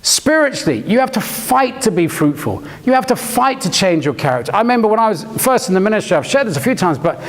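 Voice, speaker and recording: A man's voice: sits high, very animated, quick pace, few pauses, in a large hall. A man preaching a sermon, telling stories animatedly and acting out the lines he quotes.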